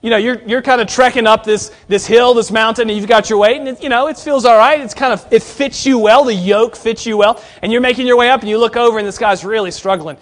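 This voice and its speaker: A high-pitched man preaching a sermon to college students. His talk is conversational and earnest, addressed straight to the listeners, and it swings from forceful emphasis down to quiet, near-hushed asides. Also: fairly even intonation, fast talker, hardly any pauses. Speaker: preacher at a Bible college chapel.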